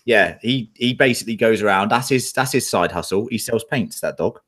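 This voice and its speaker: A man's voice: fairly low pitch, fairly quick, a bit bright. An English man co-hosting a live podcast, chatting casually in a jokey, loose way. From England. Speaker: podcast co-host.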